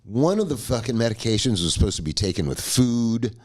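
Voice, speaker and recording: Animated man telling a story. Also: mid-range voice, brisk. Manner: animated, profane, laughs mid-story. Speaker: podcast co-host. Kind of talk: casual storytelling chat.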